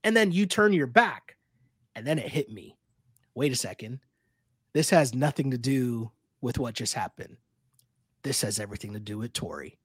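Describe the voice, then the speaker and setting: Fired-up man ranting in a lively voice. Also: mid-range voice, moderate pace, pauses often, husky, dry recording, clean studio sound. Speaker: podcast co-host. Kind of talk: casual recap chat.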